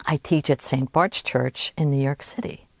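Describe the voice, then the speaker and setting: A woman voicing a friendly, modest female early childhood teacher who speaks softly and eagerly. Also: very deep voice, steady tone, moderate pace, vocal fry, no room sound, heavily acted. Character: friendly middle-aged female preschool teacher.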